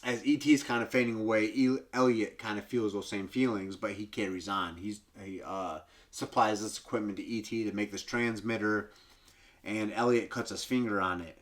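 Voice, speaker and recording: The comedian's retelling of the film is offhand and full of swearing, with high squealing impressions and sound effects mixed in. His delivery is steady in tone and normal in speed.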